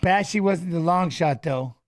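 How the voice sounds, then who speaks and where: High-voiced man rambling fight commentary. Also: unhurried. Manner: rambling, profane, restarts and fillers. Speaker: fight watch-along co-host. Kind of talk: casual live fight commentary and storytelling.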